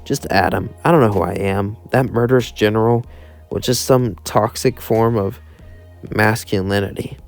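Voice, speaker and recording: A man voicing a humbled former angel general turned demon, who talks in a hesitant, halting way. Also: on the low side, vocal fry, soft background music. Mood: confessional.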